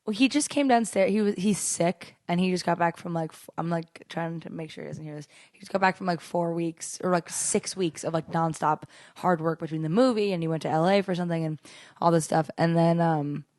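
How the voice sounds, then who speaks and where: A young woman co-hosting a podcast, telling stories in casual chat with quick laughs. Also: fairly low pitch, a little mellow, dry recording, clean studio sound. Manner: chatty storytelling, quick laughs. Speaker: podcast co-host.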